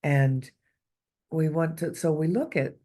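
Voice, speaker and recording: A woman co-hosting a reflective spiritual talk, posing thoughtful questions in a halting way. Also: deep voice, warm tone.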